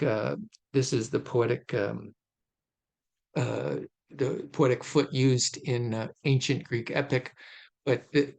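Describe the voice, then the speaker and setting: A man speaking at an ordinary middle pitch, lecturing on poetry in a recorded talk over slides. He thinks aloud with plenty of fillers and restarts. He slows right down to sound out stressed and unstressed syllables. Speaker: literature lecturer.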